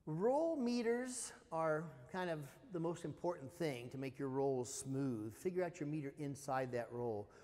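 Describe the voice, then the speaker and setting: Man, percussion teacher, scatting drum patterns, fairly high voice, long hall reverb. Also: animated, a little slow, few pauses, darkish tone. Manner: demonstrates rhythms with scat syllables. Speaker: percussion lecturer. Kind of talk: spoken music instruction.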